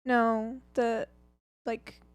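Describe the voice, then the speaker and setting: A woman's voice: a little high, little pitch movement, extremely slow, smooth. A giggly woman co-hosting a livestream, chatting casually and reading viewer comments aloud. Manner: giggly, laughs often. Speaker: livestream co-host reading chat.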